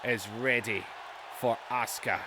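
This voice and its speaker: A man's voice: mid-range voice, fairly even intonation, a little slow, crowd noise, background noise, close to an everyday voice. A man voicing a proud, fed-up female wrestler cutting a firm challenge promo, in his own plain voice with no accent. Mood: defiant.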